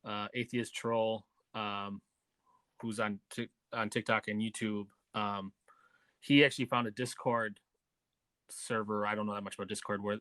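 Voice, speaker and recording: A man's voice: lowish voice, pushed and bright, no room sound. A man joining a casual livestream as a guest, speaking hesitantly with many fillers and restarts.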